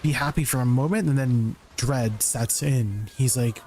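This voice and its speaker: A man streaming live, chatting casually to his viewers in a rambling, excitable way, full of restarts and filler words. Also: mid-range voice, a little slow, few pauses, a little hiss or hum.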